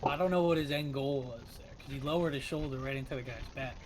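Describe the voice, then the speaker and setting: A man's voice: mid-range voice, quick pace. A man co-hosting a sports podcast, chiming in with dry, teasing remarks. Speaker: podcast co-host. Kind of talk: casual sports podcast banter. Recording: echoey room with crowd noise.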